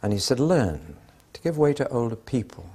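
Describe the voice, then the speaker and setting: A man's voice: medium pitch, sing-song, moderate pace, dark tone, breathy edge. An older man preaching a sermon, telling anecdotes with dry humour and acting out the dialogue.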